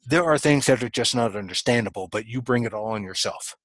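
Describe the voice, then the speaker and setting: A man's voice: medium pitch, fairly quick, hardly any pauses, dry recording, rough recording. A man giving a motivational coaching talk in a webinar, earnest and emphatic, repeating his key phrases. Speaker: business coach.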